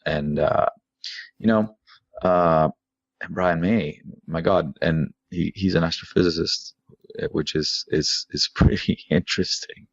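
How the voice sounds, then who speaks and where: A man speaking as a podcast guest in casual chat, halting and repeating words, laughing mid-sentence. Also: low voice, fairly even intonation, vocal fry, no echo, dull audio.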